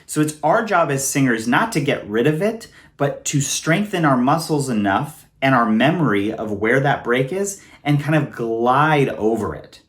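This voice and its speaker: A man's voice: medium pitch, animated, moderate pace, few pauses. Laid-back guy teaching singing, voice bounces up and down a lot, shows sounds as he goes. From California. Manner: casual, demonstrates sounds with his voice. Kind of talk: singing lesson to camera.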